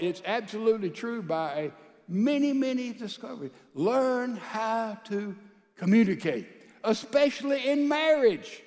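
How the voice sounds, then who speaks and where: A male pastor preaching a sermon to a large church congregation, calling out to the crowd and swinging between loud and soft. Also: high-pitched, very animated, unhurried, in a large hall. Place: large church sanctuary with a balcony.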